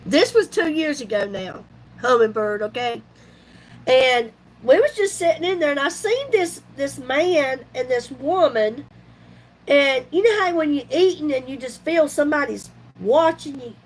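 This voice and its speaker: A woman's voice: high voice, measured pace, low-quality recording. A woman, telling a folksy story to her vlog viewers. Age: 50s. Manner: chatty, folksy, animated retelling with laughs. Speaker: YouTube vlogger.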